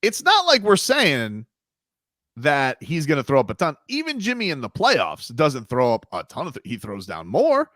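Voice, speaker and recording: Male sports radio host, rambling and emphatic, lively pitch, dry studio sound. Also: moderate pace, dry recording. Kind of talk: sports talk radio banter. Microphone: studio mic.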